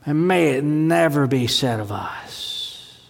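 A man preaches in a church sanctuary, his fairly high voice carried by a long hall reverb. He moves between ringing proclamation and hushed, near-whispered lines. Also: expressive, takes it slowly, creaky. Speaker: pastor. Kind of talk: sermon.

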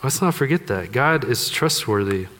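A man's voice: mid-range voice, lively intonation, normal speed, a bit bright, slight background noise. A man preaching a sermon, conversational and joking with the congregation. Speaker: pastor. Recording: long hall reverb.

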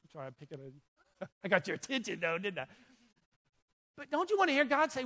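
A man's voice: high-pitched, a little fast, pauses often. A man preaching a sermon to young people, telling stories and urging listeners directly. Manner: animated, storytelling, urges listeners directly. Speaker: youth pastor. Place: indoor room with an audience.

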